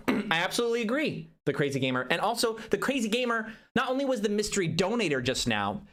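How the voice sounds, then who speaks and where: A man chatting casually on a live gaming stream, animated, rambling and self-deprecating. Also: sits high, fairly quick.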